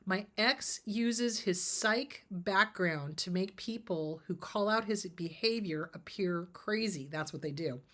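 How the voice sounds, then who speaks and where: A middle-aged woman therapist answering viewer questions in a casual, animated way, acting out the dialogue she quotes. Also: mid-range voice, takes it slowly, hardly any pauses. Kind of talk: casual advice talk.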